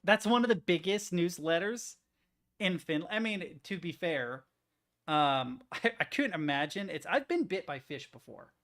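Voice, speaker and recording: Young guy streamer rambling and swearing, kinda high voice, laughing at weird articles. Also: animated, measured pace, a bit bright. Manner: profane, rambling, easily amused. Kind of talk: casual chat reacting to articles.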